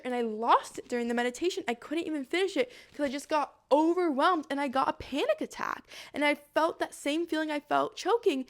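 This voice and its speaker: Young female host, high-pitched, candid storytelling monologue, animated self-talk. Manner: animated, acts out her own inner voice. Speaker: podcast host.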